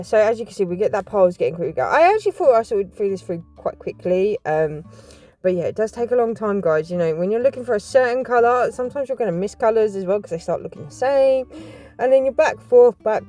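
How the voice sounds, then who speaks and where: A woman's voice: medium pitch, lively intonation, fairly quick, darkish tone. Chatty woman vlogger talking to camera, wanders off topic and apologises a lot, faint music underneath. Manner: rambling, chatty, keeps apologising. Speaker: puzzle vlogger. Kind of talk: casual chat to camera.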